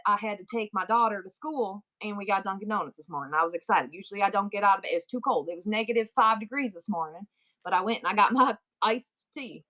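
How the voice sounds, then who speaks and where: A woman in her forties hosts a live-stream sale in a loose, chatty way. She breaks into rapid auctioneer-style counting, reeling off numbers in quick runs. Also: mid-range voice, fairly bright tone. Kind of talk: casual live-stream chat.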